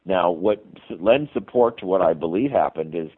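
A man's voice: low-pitched, moderate pace, husky. A man telling a long story as a radio guest, rambling with many restarts. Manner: rambling, frequent restarts, animated retelling. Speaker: guest, paranormal investigator and author. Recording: tinny phone line on radio.

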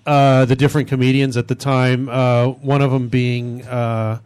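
A man's voice: medium pitch, little pitch movement, normal speed, darkish tone, smooth. A man hosting a casual chat about comedy, rambling with many restarts. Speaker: host.

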